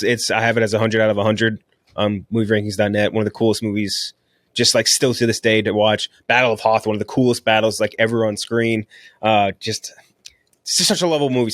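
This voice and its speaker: Brief: male host, lowish voice, dry close sound, keeps the show moving. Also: steady tone, fast talker, a bit bright, dry recording. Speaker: podcast host running a draft. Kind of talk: casual podcast chat.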